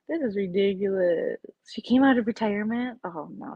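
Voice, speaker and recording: A woman's voice: medium pitch, normal speed, few pauses, mellow, slightly rough, no echo, lo-fi sound. A woman vlogger in casual live-stream chat, rambling and opinionated as she reacts to her viewers' comments.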